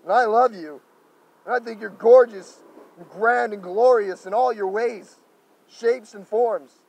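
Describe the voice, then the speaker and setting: A man giving an improvised spiritual monologue to camera, effusive and gentle, pausing often and repeating thanks and loving affirmations. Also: high voice, gravelly, rough recording. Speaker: spiritual speaker.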